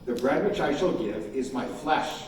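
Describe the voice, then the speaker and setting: A man giving a conference keynote, animated and emphatic, acting out quotes from crowds. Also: mid-range voice, measured pace, slight background noise. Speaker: keynote speaker. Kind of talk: conference talk. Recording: echoey hall from far off, faint ambience.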